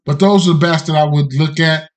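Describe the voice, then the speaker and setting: A man with a slightly higher voice hosting a sports betting podcast. He talks casually through his picks in loose street slang, repeating phrases and tossing in "right?" as he goes. The delivery is relaxed and off the cuff. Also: brisk.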